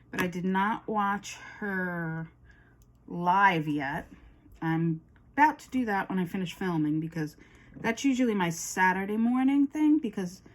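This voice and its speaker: A woman vlogging her craft hobby in a casual, rambling chat to camera, often laughing. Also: on the low side.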